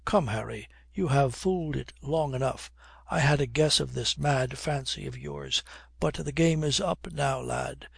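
A man's voice: mid-range voice, animated, measured pace, gravelly, slightly rough, no room sound, studio quality, heavily acted. A man voicing a blustering, scolding older army colonel in a storybook reading. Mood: angry.

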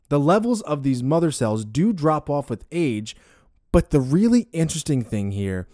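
A man's voice: medium pitch, dark tone, no room sound, clean studio sound. Laughing man stumbling over science words. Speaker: podcast host. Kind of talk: casual podcast chat.

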